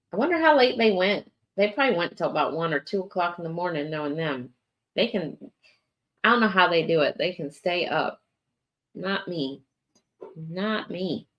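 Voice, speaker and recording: A tired woman with a low voice hosts her morning livestream, chatting casually with viewers. She's chatty and drawn-out, full of fillers and yawns, and the recording sounds muffled.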